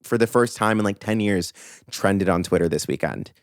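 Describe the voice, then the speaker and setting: A young man hosting a podcast, giving animated, opinionated commentary on pop music news with emphatic asides. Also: low-pitched, moderate pace, no room sound, studio quality. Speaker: podcast host.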